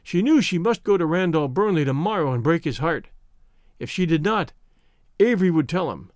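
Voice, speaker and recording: A man reading a story aloud in an expressive, dramatic way. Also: fairly high pitch, moderate pace, no room sound, clean studio sound. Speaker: audiobook reader. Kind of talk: storybook narration.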